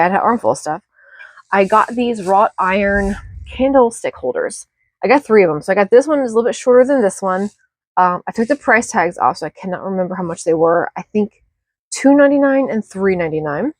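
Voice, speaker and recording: A woman's voice: medium pitch, lively intonation, a little fast, no echo. A woman casually rambling through a show-and-tell of her thrift finds at home, self-deprecating and restarting often. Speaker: thrift haul vlogger.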